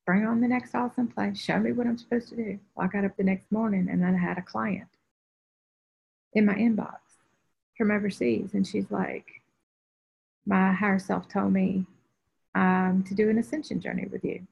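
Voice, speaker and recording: During a group video call, a woman spiritual teacher tells a personal story, acting out quoted voices with lively animation. Her medium-pitched voice is gravelly and husky, at normal speed with frequent pauses, in dull, lo-fi call audio.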